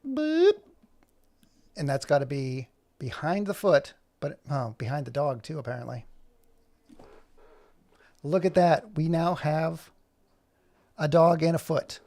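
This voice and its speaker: Gravelly man chatting while he animates. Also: fairly high pitch, unhurried, pauses often, a little mellow, no echo. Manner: joking, rambling self-talk while working. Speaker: animator streaming live. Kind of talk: casual livestream chat.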